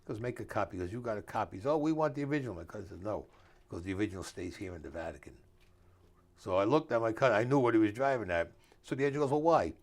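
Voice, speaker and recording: His fairly low voice races along, full of expression, as the older author acts out dialogue while telling stories in a casual interview. The storytelling is streetwise, with grammar dropped freely.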